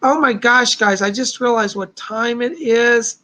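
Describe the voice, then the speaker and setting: A man's voice: very high voice, a little slow, sharp tone. A man hosting a live stream of psychic readings, talking in a chatty, reassuring way with a somewhat strained voice. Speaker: psychic host.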